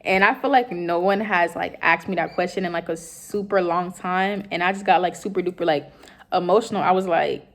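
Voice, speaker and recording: A woman's voice: on the low side, brisk. A young woman in college, earnestly telling a personal story in a rambling way with many fillers. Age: young adult. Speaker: college student.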